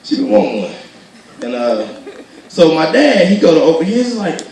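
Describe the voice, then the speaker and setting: A man doing stand-up storytelling, animated and acting out voices as he laughs through his jokes. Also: fairly high pitch, brisk, slight background noise. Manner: animated, acts out voices, laughs while telling. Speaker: stand-up comedian. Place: gospel comedy show venue. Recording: echoey hall from far off.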